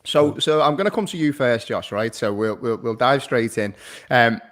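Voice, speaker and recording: A man's voice: medium pitch, moderate pace. A man hosting a casual football podcast, friendly, laughing often and restarting his words. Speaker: podcast host.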